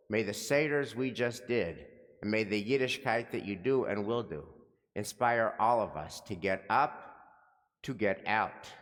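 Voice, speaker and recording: Low-voiced rabbi preaching in a reverberant hall. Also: male voice, fairly bright tone. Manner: rhythmic preaching with repeated phrases. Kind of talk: holiday sermon. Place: synagogue sanctuary. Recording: long reverb of a large hall.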